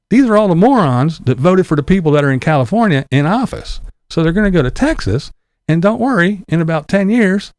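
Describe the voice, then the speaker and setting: Male vlogger, fairly high-pitched, animated, profane and sarcastic ranter. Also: no room sound, studio quality. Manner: mocking mimicry of others. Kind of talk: angry political rant.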